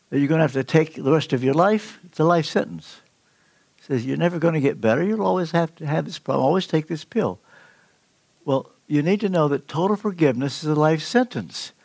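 Older male preacher, gravel in the voice, dry sound, storytelling delivery with big emphatic leaps. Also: a little high, brisk, darkish tone, no room sound. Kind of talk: sermon.

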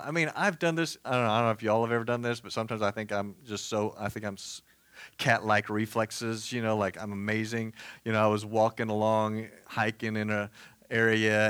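A man's voice: on the low side, a bit bright, no echo. A man preaching a casual sermon, chatty and joking, full of fillers and asides. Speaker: pastor.

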